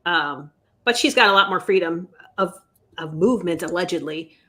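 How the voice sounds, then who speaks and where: A woman co-hosting a casual news podcast, her voice bright and forward. She rambles through gossip, hedging with "allegedly" and filling pauses with ums. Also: on the low side, animated. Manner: chatty, hedging with fillers and "allegedly". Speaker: podcast co-host.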